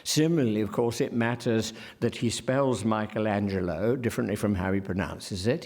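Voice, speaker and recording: A man's voice: fairly low pitch, darkish tone. Wry, digressive male scholar lecturing. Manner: digressive and wry, slowing to carefully enunciate example words; frequent ums and self-corrections. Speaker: literary scholar giving a lecture. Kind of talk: academic lecture.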